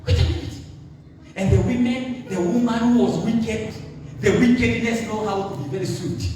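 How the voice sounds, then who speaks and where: A man with a Kenyan accent preaching a sermon as pastor, lively and animated, dropping into Swahili phrases. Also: high-pitched, moderate pace. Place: church. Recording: echoey church hall, voice from a distance, faint music.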